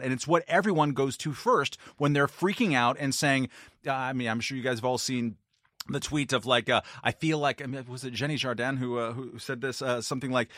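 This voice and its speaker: A man's voice: mid-range voice, a bit bright, no room sound, studio quality. A man co-hosting a political podcast, wry and analytical, now and then swearing for emphasis. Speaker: podcast co-host.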